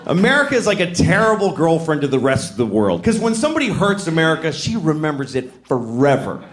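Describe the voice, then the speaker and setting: A middle-aged man doing a stand-up comedy set in a large venue, talking in an animated way and acting out voices. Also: quick pace. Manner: animated, acts out voices with big jumps in pitch. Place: large venue with a live audience. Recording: roomy live hall with crowd noise. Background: audience laughter.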